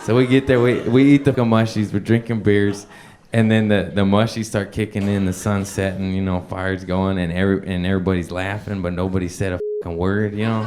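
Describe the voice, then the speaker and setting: A man's voice: sits low, level tone, brisk, darkish tone. Young man telling a profane stand-up story. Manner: loose, profane, chuckling through the story. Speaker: stand-up comedian. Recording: live room with audience laughter.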